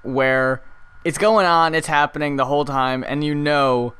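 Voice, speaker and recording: A man's voice: fairly high pitch, a little slow, fairly bright tone, smooth. A man co-hosting a podcast in casual chat, laid-back and dry, riffing in long asides. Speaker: podcast co-host.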